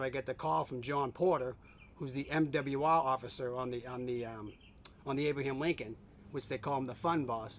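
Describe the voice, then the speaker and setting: A middle-aged man casually telling a long story, animated, acting out what others said and laughing often, recorded on a home video camera. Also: mid-range voice. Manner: animated, acts out quoted voices, laughs often. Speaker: family friend telling stories.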